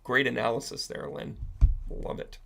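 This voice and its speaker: A chatty man hosting an astrology and tarot live stream. His voice has a gravelly, rough edge, and he keeps a medium pitch. He rambles from topic to topic, answers viewers by name, and tags his points with "right?". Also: little pitch movement, moderate pace, pushed and bright, a little hiss or hum. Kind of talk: casual live-stream chat.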